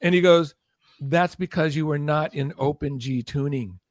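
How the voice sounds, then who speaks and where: An older man spins a lively anecdote as a podcast guest, slipping into the voices of the people he quotes. His voice sits a little higher than most men's, and the recording is close and dry with no room sound. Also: normal speed, no echo. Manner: animated, acts out quoted voices, keeps checking in with "okay?". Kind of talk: anecdotal storytelling in conversation.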